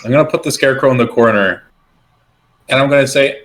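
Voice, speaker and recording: A man's voice: mid-range voice, fast, fairly bright tone. A man playing a tabletop game, rambling and playful as he describes his moves. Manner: rambling, playful, restarts mid-thought. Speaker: player. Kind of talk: casual tabletop play.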